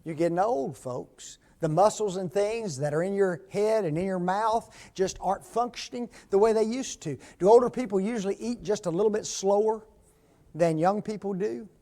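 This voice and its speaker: A man's voice: high-pitched, moderate pace, dark tone. A man preaching a folksy sermon in a church, often putting questions to the congregation.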